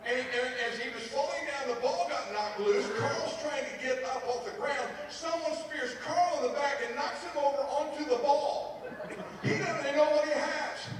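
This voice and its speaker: A man preaching as a pastor, telling a story in an animated, humorous way. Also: extremely high pitch, normal speed, background noise. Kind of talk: storytelling sermon. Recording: echoey hall, mic far off.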